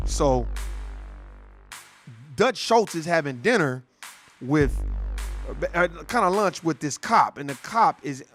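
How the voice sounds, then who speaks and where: Heated high-voiced man ranting. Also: lively intonation, takes it slowly, long pauses, a bit bright, soft background music. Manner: profane, heated, repetitive, street slang. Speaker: commentator. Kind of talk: political rant monologue.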